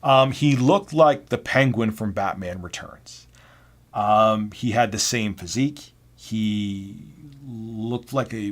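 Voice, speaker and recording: A man hosting a video and telling a personal story. His delivery is casual and animated, and he swears freely. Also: fairly low pitch. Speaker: video host.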